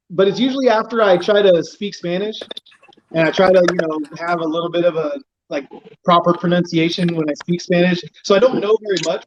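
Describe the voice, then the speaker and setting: Man, high voice, hesitant, self-deprecating, dull muffled sound. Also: slight background noise. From California. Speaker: guest trucker. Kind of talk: casual chat.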